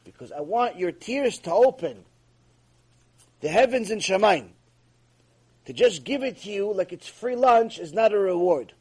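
Husky, high-voiced man teaching Torah. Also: expressive, measured pace, long pauses. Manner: emphatic and repetitive, with many rhetorical questions. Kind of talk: mussar lecture.

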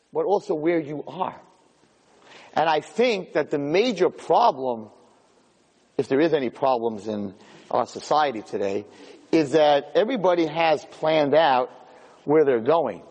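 A man's voice: a little high, unhurried, long pauses, breathy edge, big-room sound. A man giving a humorous lecture to an audience, telling stories and acting out the scenes. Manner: animated storyteller, acts out scenes. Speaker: lecturer giving Torah classes.

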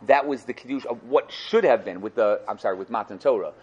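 Speaking fast in a mid-range, slightly mellow voice with a breathy edge, this man leads a Torah class. He unpacks sources for his students through rhetorical questions and phrases he keeps repeating, in a lively, explanatory way, and the highs in the audio are cut off.

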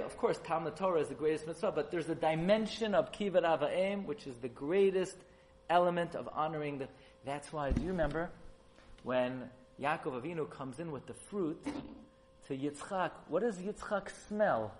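A man giving a Torah sermon at a memorial gathering, animated and rising to loud, emphatic peaks. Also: fairly high pitch, normal speed, poor audio. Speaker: rabbi giving a memorial talk.

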